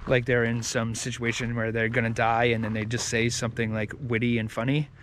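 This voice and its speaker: A man's voice: medium pitch, level tone, brisk, fairly bright tone, a little hiss or hum. A man giving a casual, rambling movie review, with many fillers and restarts.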